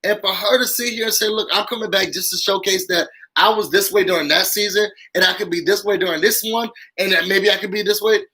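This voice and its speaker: A man's voice: sits high, a little fast, hardly any pauses, low-quality recording. A man hosting a casual live-stream show, talking straight to viewers with lots of fillers. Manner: animated, talks straight to viewers, heavy "y'all" and "um" fillers. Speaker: YouTube show host. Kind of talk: casual live-stream commentary with call-ins.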